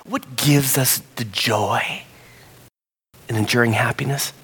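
A man preaching a sermon, telling a story in an animated way and getting higher and livelier as he gets excited. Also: slow, slightly rough. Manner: animated storyteller, rising pitch when excited. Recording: long hall reverb.

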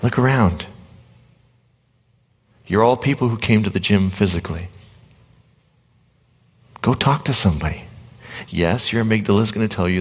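A man giving an animated motivational talk to a live audience in a gym, acting out inner voices and sometimes dropping to a whisper. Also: on the low side, moderate pace, pauses often, husky. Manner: animated, acts out quoted inner voices, drops to a whisper at times. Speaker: motivational speaker. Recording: long reverb of a large hall.

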